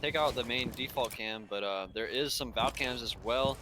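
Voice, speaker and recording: A man casting an esports match, with quick, eager play-by-play calls. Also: mid-range voice, noisy background. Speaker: esports commentator. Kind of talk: play-by-play game commentary.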